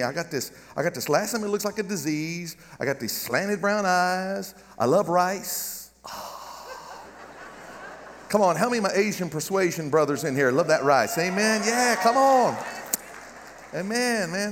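A man's voice: high-pitched, moderate pace, in a large hall, a little hiss or hum. A middle-aged man with a Southern American accent, preaching a humorous sermon as a guest pastor and calling for amens. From United States. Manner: joking, animated preaching with calls of amen. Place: large church with balcony.

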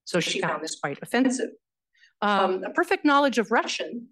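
A woman history professor giving an academic lecture, speaking in a measured way with frequent fillers and self-corrections. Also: mid-range voice, very animated, a bit bright, poor audio.

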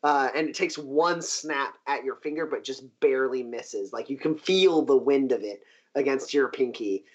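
A man narrating a tabletop game as game master, animated and loose, often jumping into high cheering crowd voices. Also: normal speed, dull audio.

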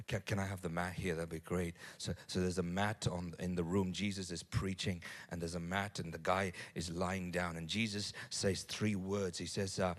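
A man preaching a sermon to his congregation, lively, repeating words and building to loud climaxes. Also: sits low, normal speed. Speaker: pastor.

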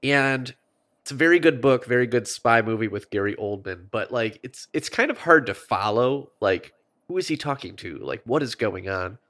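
A man's voice: medium pitch, expressive, normal speed, a bit bright. A man co-hosting a podcast, casually recapping and rambling, swearing freely. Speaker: podcast co-host. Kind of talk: casual chat.

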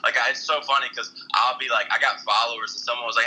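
Bright-voiced Southern comedian rambling. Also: male voice, medium pitch, fast, rough recording. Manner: rambling, profane, animated storytelling. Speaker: comedian guest. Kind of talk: casual podcast chat.

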